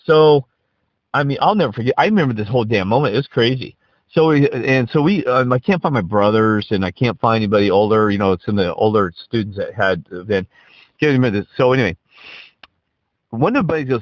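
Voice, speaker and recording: A man telling his own story in casual chat, chatty and jumping in with quick laughs. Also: medium pitch, animated, no echo, low-quality recording. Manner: chatty, jumps in, quick back-channel laughs.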